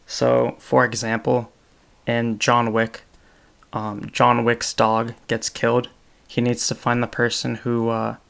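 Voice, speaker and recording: A man's voice: medium pitch, gravelly, fairly bright tone. A young man hosting his own podcast, talking casually about storytelling with many ums and restarts. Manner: rambling, frequent ums and restarts. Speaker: podcast host. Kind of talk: casual solo podcast talk.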